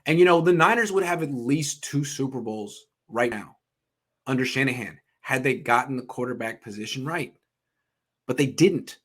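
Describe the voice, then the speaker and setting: A man's voice: mid-range voice, animated, normal speed, fairly bright tone. A man hosting a sports podcast, ranting with profane, emphatic bursts in heated sports talk.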